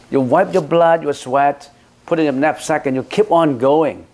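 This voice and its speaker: A man's voice: on the high side, normal speed, darkish tone. A man as a Buddhist teacher, giving an emphatic dharma talk that answers questions with rhetorical questions.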